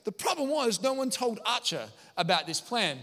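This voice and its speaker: A high-voiced man in his thirties preaching in a church. His tone is bright and forceful, and he tells jokes and animated stories. The sound carries a long hall reverb. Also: normal speed. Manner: energetic, joking, animated storytelling. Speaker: pastor. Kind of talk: sermon.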